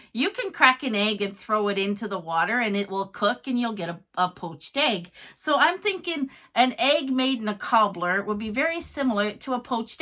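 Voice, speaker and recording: A woman with an Irish-tinged Canadian accent, chatting homely and unhurried as she shows off her auction finds and reads through lists aloud. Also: fairly high pitch, pushed and bright. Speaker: vlogger showing auction finds. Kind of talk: casual show-and-tell.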